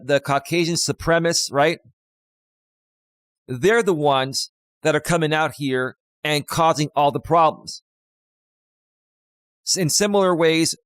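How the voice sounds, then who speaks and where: A man's voice: a little high, fairly bright tone, no room sound, studio quality. A man, a life coach, talking on a live stream in an impassioned, preachy way that repeats points.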